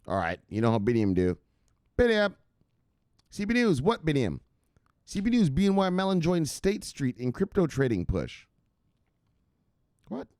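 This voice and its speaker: Animated man hosting a crypto livestream. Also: medium pitch, no echo, studio quality. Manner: animated, profane, jokey shout-outs. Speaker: host of a crypto news livestream. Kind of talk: casual livestream chat.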